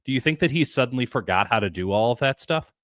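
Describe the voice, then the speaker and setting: Male sports co-host, blunt, animated delivery, dry studio sound. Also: medium pitch, fast talker, no echo. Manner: emphatic, blunt, repeats himself when revving up. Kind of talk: heated postgame sports analysis.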